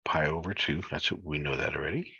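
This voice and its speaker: Low gravelly man muttering through math solutions. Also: sharp tone, no room sound, highs cut off. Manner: thinking aloud, halting and muttered. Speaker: math instructor. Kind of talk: working through homework solutions.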